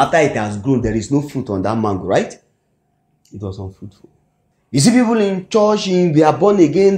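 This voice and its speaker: A man with a Nigerian English accent preaching a sermon, often pausing to ask the congregation "what?" so they fill in the word. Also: medium pitch, dark tone. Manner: call-and-response, asks the congregation "what?" to fill in words. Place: church hall. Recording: echoey hall recording.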